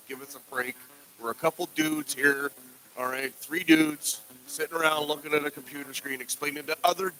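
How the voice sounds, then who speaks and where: A man's voice: fairly high pitch, bright, forceful tone, poor audio. A man co-hosting a casual podcast, talking in a loose, jokey, rambling way and swearing freely. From Canada. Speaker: podcast co-host. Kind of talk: casual chat.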